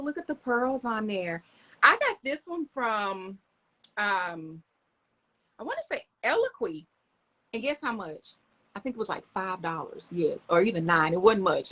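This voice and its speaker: A woman's voice: medium pitch, pushed and bright, lo-fi sound. A middle-aged woman, chatting enthusiastically to viewers in a casual live stream, recorded on a phone camera.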